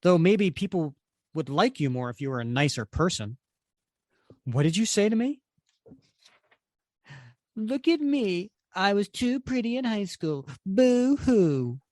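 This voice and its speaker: A sneering telepathic brain in a globe, as a man reads him aloud, pitched up and taunting. The delivery is mocking and needling. The sound is dry and close. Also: sing-song, measured pace, a little mellow, no echo.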